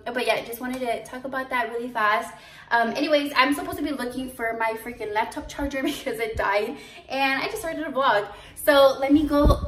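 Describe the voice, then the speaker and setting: Young woman, boutique owner, casual vlog chat, slightly high voice, roomy echo, a bit off-mic. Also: recorded from a distance, a little hiss or hum. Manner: chatty, animated storytelling with fillers. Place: her boutique store, indoors. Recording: echoey room, voice off-mic.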